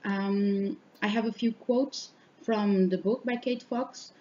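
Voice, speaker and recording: A young adult woman, a student, gives a class oral presentation and explains each point step by step, pausing often with fillers. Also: medium pitch, steady tone, darkish tone. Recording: dull lo-fi sound with faint noise.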